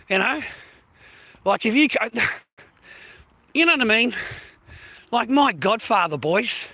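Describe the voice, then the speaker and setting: A man's voice: extremely high pitch, big pitch swings, slow, pauses often, sharp tone, no room sound. An Australian man ranting to his stream viewers in a rambling, sweary, blokey way. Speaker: livestreamer.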